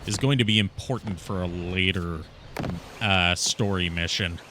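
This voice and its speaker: With a deep voice and a measured pace, a man streams a video game, chatting casually and rambling with plenty of fillers and jokes. Faint game music plays amid a noisy background.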